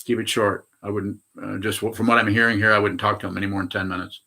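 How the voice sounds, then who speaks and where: An older man in his eighties teaches meditation in a low, bright, forceful voice. He rambles through his answer, restarting and correcting himself as he goes. It sounds like an unhurried spiritual talk. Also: flat delivery, gravelly. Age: 80s. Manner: rambling, frequent hesitations and self-corrections. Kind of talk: dharma talk answering questions.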